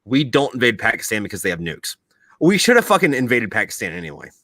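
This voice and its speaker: A man hosting a podcast who is a military veteran, telling profane, animated stories in casual chat. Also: mid-range voice, quick pace, no room sound.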